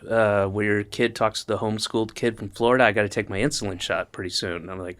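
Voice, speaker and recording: A man's voice: fairly low pitch, fairly even intonation, fairly quick, a bit bright, clear, resonant tone. A man hosting a podcast, telling a story in an offhand, conversational way. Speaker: podcast host. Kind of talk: casual chat.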